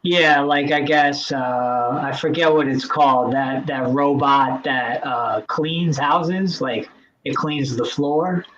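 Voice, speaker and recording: A man's voice: mid-range voice, steady tone, takes it slowly, muffled recording, a crowd in the background. A man hosting a casual tech podcast chat, rambling and full of fillers and restarts. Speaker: podcast host.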